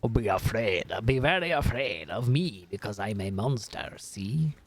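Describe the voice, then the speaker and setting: A man's voice: fairly low pitch, very animated, a little slow. A man voicing a menacing cartoonish spork monster villain who taunts in a tough-guy drawl, over faint game music.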